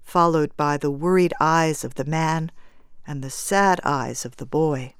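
A woman narrating a classic story in a measured, even reading style. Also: deep voice. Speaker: audiobook narrator.

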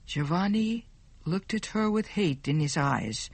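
Woman, storybook narrator, very slow, clear, dry recording. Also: on the low side, expressive, darkish tone, dry recording.

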